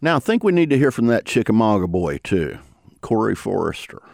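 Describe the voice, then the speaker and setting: A man's voice: on the low side, very animated, fairly quick, vocal fry, darkish tone. A man with a Southern US accent hosting a podcast, narrating and interviewing in an easygoing storytelling way. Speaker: podcast host.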